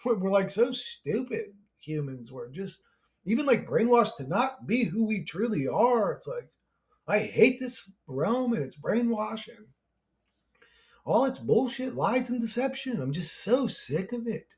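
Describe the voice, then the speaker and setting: A man's voice: high voice, sing-song, unhurried. A man ranting to camera as a YouTuber, profane and exasperated, his voice climbing as he gets angrier. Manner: profane, exasperated, rising to shouting. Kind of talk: angry conspiracy rant.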